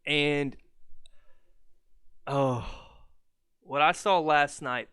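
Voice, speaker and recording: A man hosting a sports podcast in an excited, cursing rant. His voice sits a little high and sounds smooth and clear. The recording is close and dry. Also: no room sound. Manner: excitable, fast, profane ranting. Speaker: podcast host.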